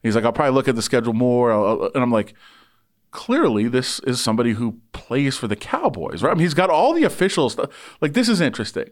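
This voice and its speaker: This sports reporter talks fast at a medium pitch. Chatting casually, he tells a long tale with lots of animation, playing the characters in it.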